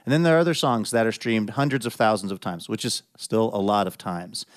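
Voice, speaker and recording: A man's voice: lowish voice, a little fast, no room sound, studio quality. A man hosting a radio show, asking meandering, thoughtful interview questions.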